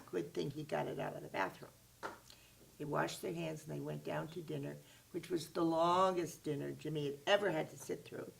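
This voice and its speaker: A woman storyteller telling a tale to children in an animated, expressive way. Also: low voice, normal speed, creaky, slight background noise. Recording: voice far from the mic.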